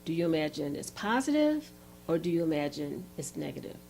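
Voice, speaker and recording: A woman presenting a relationship workshop who tells an example story in a lively, animated way. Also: deep voice, brisk, gravelly, a little hiss or hum. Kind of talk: storytelling lecture.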